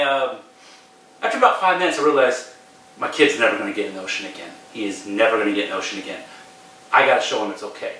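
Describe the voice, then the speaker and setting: A man's voice: mid-range voice, bright, forceful tone. A middle-aged man, a podcast host, telling a personal story in a casual, profane, emphatic way. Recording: very echoey room, distant mic.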